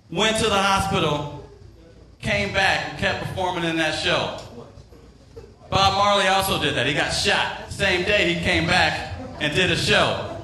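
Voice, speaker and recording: With a high, pushed, bright voice, a man works a comedy club stage in a profane, rambling open-mic set, ribbing the live audience. The room echoes and he sits a bit far from the microphone.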